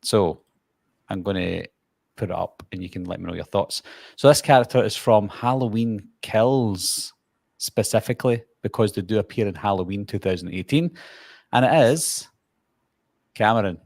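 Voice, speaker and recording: A man's voice: lowish voice, normal speed, gravelly, darkish tone, no room sound. A man from Scotland with a Glasgow accent, chatting casually as a podcast co-host. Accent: Glasgow Scottish. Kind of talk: casual chat.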